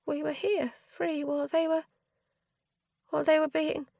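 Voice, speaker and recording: Refugee woman, high, halting, trailing off, dry audiobook read by a female narrator. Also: level tone, vocal fry, darkish tone, dry recording. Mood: stricken. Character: grieving young woman refugee, faltering.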